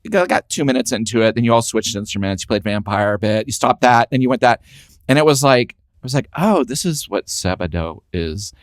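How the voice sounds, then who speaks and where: A man hosting a casual podcast chat, his voice at an ordinary pitch for a man. He recalls old concerts with the eager energy of a fan. The recording is dry and close-miked. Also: fast, no room sound. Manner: enthusiastic fan, chatty recollections. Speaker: podcast host.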